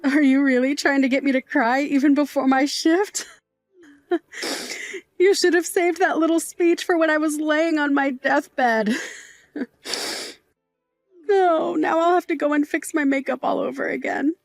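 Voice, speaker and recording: Actress voicing a high-pitched, playful middle-aged aunt; warm teasing, dry studio read. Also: female voice, steady tone, vocal fry, no room sound, faint music behind. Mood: tender. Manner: playful, mock-offended, quick to tears. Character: doting middle-aged aunt, sassy bar worker. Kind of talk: audio drama acting.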